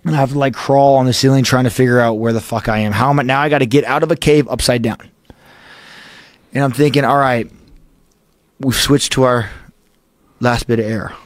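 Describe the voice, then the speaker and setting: A man's voice: medium pitch, steady tone, brisk, long pauses, dry recording. Male podcast guest, intense profane storyteller, dry mic sound. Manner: profane, breathless retelling of a panic.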